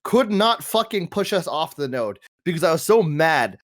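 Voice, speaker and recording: A young man with a somewhat high voice co-hosts a casual gaming podcast. He talks in an excitable, profane rush, laughing often as his stories build. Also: moderate pace. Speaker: podcast co-host.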